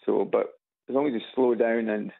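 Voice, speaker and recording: A man from Scotland with an Edinburgh accent, calling a radio show on a speakerphone and chatting in a halting, repetitive way with dry humor. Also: lowish voice, steady tone. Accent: Edinburgh Scottish. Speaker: radio caller. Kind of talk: casual phone-in chat. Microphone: phone on loudspeaker. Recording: gravelly voice over a tinny phone line.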